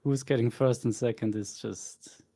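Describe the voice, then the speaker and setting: A man co-casting a live esports match, giving calm, analytical play-by-play. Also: medium pitch, unhurried. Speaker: esports co-caster. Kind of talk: live game commentary.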